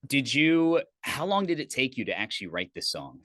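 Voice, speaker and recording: A middle-aged male radio host with a sharp, bright tone asks friendly, chatty questions. His voice is recorded dry and close, with no room sound, and he slips in promo reads. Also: mid-range voice, big pitch swings, moderate pace, no echo. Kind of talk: radio interview.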